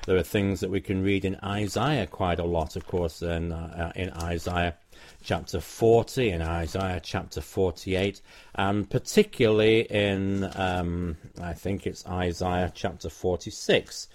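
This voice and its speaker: A man's voice: low voice, steady tone, measured pace, darkish tone, a little hiss or hum. A man teaching from the Bible on a personal recording, explaining verses earnestly and quoting scripture aloud, with frequent ums and uhs. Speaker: preacher recounting a doorstep discussion.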